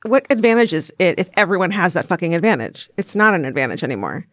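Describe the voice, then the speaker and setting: A woman's voice: on the low side, big pitch swings, fast talker, dry recording, clean studio sound. A woman co-hosting a podcast in casual chat, blunt and swearing freely. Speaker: podcast co-host.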